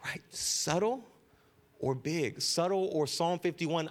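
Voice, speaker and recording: A man's voice: a little high, animated, slow. A man preaching a conversational sermon as pastor, joking with the congregation and repeating key phrases for emphasis. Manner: casual, joking, keeps asking "right?".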